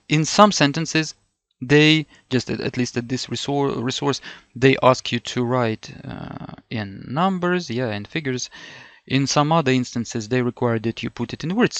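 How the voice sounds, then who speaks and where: A man's voice: medium pitch, fairly bright tone, dry recording. A middle-aged man from Ukraine tutoring for a language test, thinking aloud and repeating words with many fillers and self-corrections. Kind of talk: thinking-aloud lesson over a screen.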